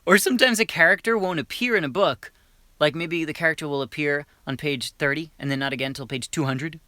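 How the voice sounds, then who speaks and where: Chatty young man, lively voice. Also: a little high, clear, resonant tone, no echo. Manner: chatty, laughs often, many restarts. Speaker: voiceover actor and host. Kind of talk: casual livestream chat.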